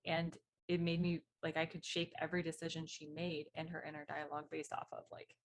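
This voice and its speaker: A woman's voice: low-pitched, flat delivery, fairly quick. A woman co-hosting a casual chat about writing, talking in a friendly, chatty, supportive way. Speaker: podcast co-host, novelist.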